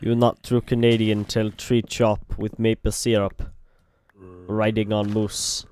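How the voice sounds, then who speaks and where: A man putting on a comic Russian accent, speaking slow, deep broken English as a jokey tough guy. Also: little pitch movement, a little mellow, smooth, close to an everyday voice. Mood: joking. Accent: mock Russian.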